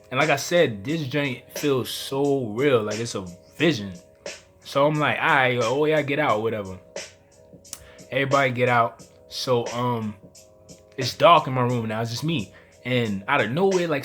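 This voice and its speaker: A man tells his viewers about a dream, speaking at an everyday mid pitch. He retells it in a loose, animated way and acts out his own lines as quotes. Faint music plays behind his voice. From New York. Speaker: spiritual vlogger. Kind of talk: casual storytelling to camera.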